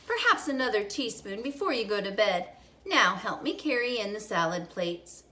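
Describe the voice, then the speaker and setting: A woman voicing a brisk, coaxing mother in a storybook reading. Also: medium pitch, big pitch swings, pushed and bright. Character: brisk, cheerful mother of a big family.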